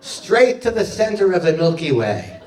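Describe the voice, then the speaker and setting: A man's voice: on the high side, very animated, normal speed, faint music behind. A man doing stand-up comedy for a live audience, punning and playful, taking questions. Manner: punning, playful, loud jokey delivery. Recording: roomy hall, mic at a distance.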